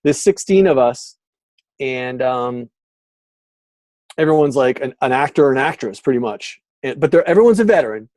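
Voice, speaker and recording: A man's voice: medium pitch, moderate pace, dry recording. A middle-aged man, speaking as a guest on a video call. He tells his story casually and acts out the voices of the people in it. The recording is dry and close, with no room sound. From Massachusetts, USA. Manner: animated, acts out quoted dialogue.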